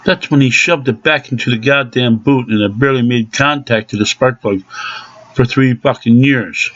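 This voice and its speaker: Angry man, profane rant, mid-pitched voice, muffled lo-fi audio. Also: normal speed, a bit bright. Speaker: angry car owner. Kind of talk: ranting vlog. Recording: dull lo-fi recording.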